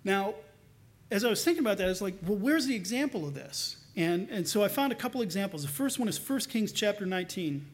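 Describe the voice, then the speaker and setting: A male pastor preaching a sermon, retelling a parable in an animated, colloquial way and often repeating words as he restarts. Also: high voice, quick pace. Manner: animated storytelling, colloquial asides.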